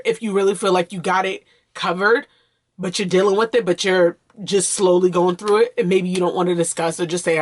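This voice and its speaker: A woman's voice: lowish voice, fairly even intonation, fairly quick. A woman vlogging in a candid, conversational way, earnest and open as she speaks directly to her viewers. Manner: loose and conversational, with fillers and restarts. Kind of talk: candid personal vlog talk.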